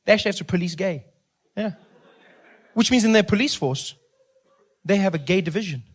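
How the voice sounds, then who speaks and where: A man with a South African accent doing stand-up, telling animated stories and acting out the people in them. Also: high-pitched, fairly quick, slightly rough. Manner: animated storytelling with acted-out voices and laughter. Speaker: stand-up comedian. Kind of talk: stand-up comedy.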